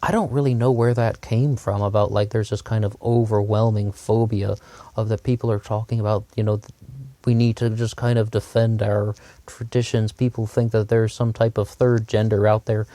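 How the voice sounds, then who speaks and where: A man's voice: fairly low pitch, flat delivery, moderate pace, dark tone, no room sound. A man giving a rambling opinion monologue, hesitant and repetitive, with frequent restarts. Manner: rambling, hesitant, repeats himself. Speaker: commentator.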